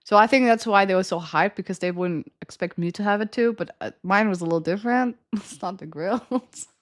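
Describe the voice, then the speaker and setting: Talking at a quick pace in a mid-range voice, a young woman rambles and giggles while chatting with her stream audience, using lots of fillers. Her retainer leaves her with a slight lisp.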